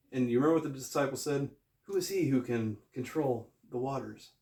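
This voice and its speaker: A man's voice: medium pitch, darkish tone. A man giving a casual video Bible lesson, conversational and emphatic, often repeating phrases as he explains. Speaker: Bible teacher. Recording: echoey room.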